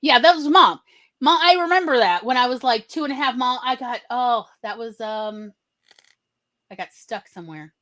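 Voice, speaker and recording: Woman podcast co-host, slightly high voice, casual storyteller who slips into quoted voices. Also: expressive, moderate pace, a bit bright. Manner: storytelling, acts out quoted relatives in shifting voices. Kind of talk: casual chat.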